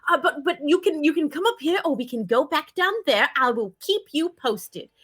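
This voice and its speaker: A woman's voice: expressive, normal speed, fairly bright tone. Woman playing chipper adventurer Adalia. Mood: cheerful. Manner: high, sing-song calling out.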